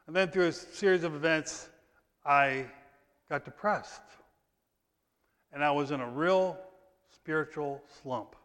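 A man preaching a sermon in a conversational way, reading scripture loudly and emphatically, then dropping to quiet asides. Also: a little high, a little slow, long pauses. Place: church sanctuary. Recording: long church reverb.

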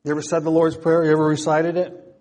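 Male preacher, high and slow, full of rhetorical questions, long hall reverb. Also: completely flat delivery, a little mellow. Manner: asks rhetorical questions, repeats phrases. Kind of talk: sermon.

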